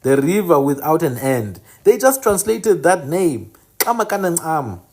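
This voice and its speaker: A channel host teaches indigenous place names in an informal monologue, using a slightly high, very animated voice with a darkish tone at a measured pace. He's emphatic and insistent, correcting names and repeating them.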